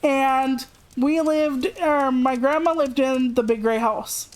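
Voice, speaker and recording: A young adult woman streamer casually telling a personal story, chatty and animated, raising her voice to act out what others said. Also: slow pace. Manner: chatty, animated, acts out quotes with raised pitch.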